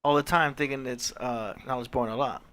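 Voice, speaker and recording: A man's voice: medium pitch, steady tone, fairly quick, sharp tone. A man co-hosting a podcast in casual chat, talkative and explaining what he has noticed. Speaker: podcast co-host.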